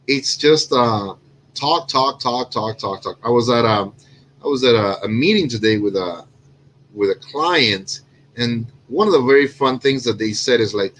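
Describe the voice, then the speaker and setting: A man's voice: medium pitch, animated, normal speed, a little hiss or hum, rough recording. A man from Cuba hosting a casual cigar show, rambling and correcting himself with lots of fillers. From Cuban. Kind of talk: casual chat.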